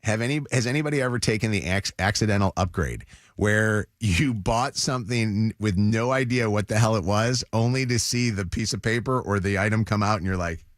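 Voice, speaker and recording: A middle-aged man hosting a morning radio show, telling a story in an animated, chatty way. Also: on the low side, brisk, no room sound, studio quality. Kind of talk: casual morning radio chat. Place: radio studio.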